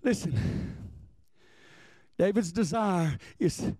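Male pastor, high voice, dry close sound, preaches to shouting peaks and calls for amens. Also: lively intonation, drawn-out words, slightly rough, no echo. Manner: calls for congregation responses. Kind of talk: sermon. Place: church.

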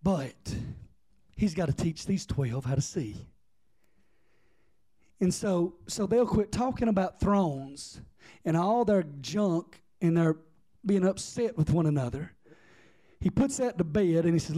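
A man's voice: high-pitched, expressive, measured pace, dark tone. A man preaching a sermon with impassioned, rhythmic repetition.

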